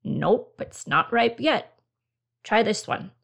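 A small, friendly garden elf who talks cheerfully and helpfully, as a woman reads him aloud. The voice sits a touch lower than the reader's own, with a gravelly edge. It is a storybook reading. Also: lively intonation, slow pace, fairly bright tone, heavily acted.

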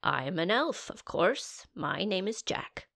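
A man's voice: sits high, sing-song, slow, vocal fry, bright, forceful tone, heavily acted. A woman voicing a small, friendly male garden elf who cheerfully guides children, in a storybook reading.

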